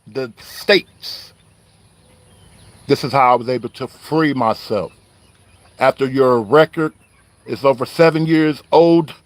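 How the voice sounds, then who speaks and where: A man giving a heated, preachy online call-out, riled up and confrontational, wired on coffee. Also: a little high. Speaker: online religious commentator.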